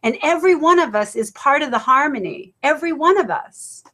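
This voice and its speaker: Woman, spiritual webinar co-host, high voice, emphatic, preachy, video-call sound. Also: expressive, fairly quick, a bit bright. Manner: emphatic, gets passionate and preachy. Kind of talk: passionate inspirational chat.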